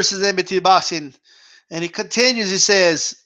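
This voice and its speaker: A man's voice: high voice, normal speed, a bit bright. A man hosting a casual boxing talk stream, reading viewer questions aloud, laughing often and talking in slang with casual swearing.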